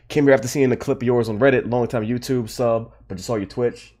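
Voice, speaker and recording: This livestream host has a medium-pitched, slightly mellow voice and talks fast with fairly even intonation. His casual rant about a video game is heated and repetitive, with frequent swearing.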